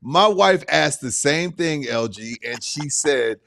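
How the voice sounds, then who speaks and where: Animated, teasing man. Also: a little high, slow, gravelly, dry recording. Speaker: podcast co-host. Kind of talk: casual chat.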